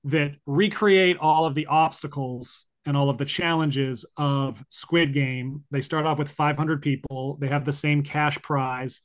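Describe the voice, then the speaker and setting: A man's voice: a little high, steady tone, unhurried, hardly any pauses. A man hosting a podcast, talking casually and rambling with lots of fillers and restarts. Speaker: podcast host. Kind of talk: casual conversational podcast chat.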